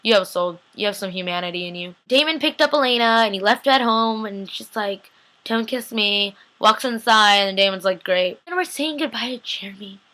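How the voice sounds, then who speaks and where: A woman's voice: medium pitch, moderate pace, pushed and bright. A young woman casually recapping a TV episode, gushing and chatty, acting out characters' lines as she goes. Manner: gushing, chatty, quotes characters in bits of voices. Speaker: TV recap vlogger.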